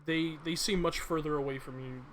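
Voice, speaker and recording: Bright-ish guy running a tabletop game, lots of ums, a bit of hiss. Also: a little high, steady tone, normal speed. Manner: hesitant, many fillers. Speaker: game master.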